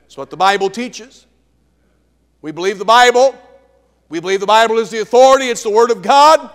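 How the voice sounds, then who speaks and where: Pastor, male, high voice, dramatic sermon delivery with loud and hushed swings, church reverb. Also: fairly quick, long pauses. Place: church sanctuary.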